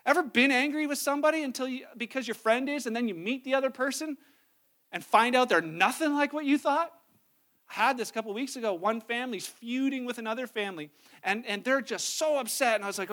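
Pastor guy with a really high voice, chatty sermon, does little voices for people he quotes. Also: quick pace, pushed and bright.

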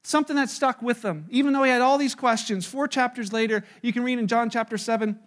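Man, pastor, sermon, high voice, animated storytelling, acted-out quotes. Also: fast. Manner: animated storyteller, voices crowd quotes, drops to hushed tones.

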